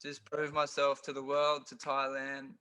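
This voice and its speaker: A man's voice: medium pitch, measured pace, clear, resonant tone. A young Australian man, a Muay Thai fighter, telling stories in a casual podcast interview with lots of fillers. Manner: animated storytelling with frequent fillers.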